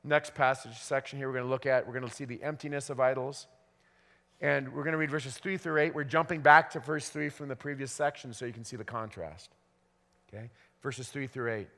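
A man's voice: mid-range voice, fairly even intonation, a little fast, a bit bright. Man preaching in a reverberant hall. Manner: conversational preaching with frequent restarts. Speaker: pastor. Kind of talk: sermon.

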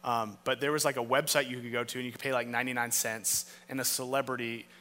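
A man preaching a sermon as pastor, with emphatic rhetorical questions, rising loud and then dropping to a hush. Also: mid-range voice, flat delivery, fast. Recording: long reverb of a large hall.

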